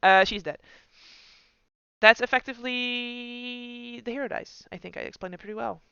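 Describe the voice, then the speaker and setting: A man narrates a tabletop game as its game master, and his voice comes across bright and very crisp. He talks in a relaxed, chatty way. The sound is dry and a little dull. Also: very high voice, no echo. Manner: relaxed, chatty, puts on quick voices for figures.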